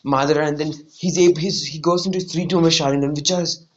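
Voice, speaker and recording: A man rambles through a casual fan retelling, padding his lines with "like" and "you know" in a voice a little higher than most men. The audio is dull and lo-fi, like a cheap home mic. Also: steady tone, quick pace. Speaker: fan storyteller.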